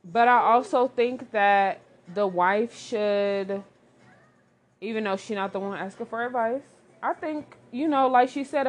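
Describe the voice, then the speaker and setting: A woman, giving blunt, animated relationship advice in casual commentary, talking straight to the listener. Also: a little high, measured pace.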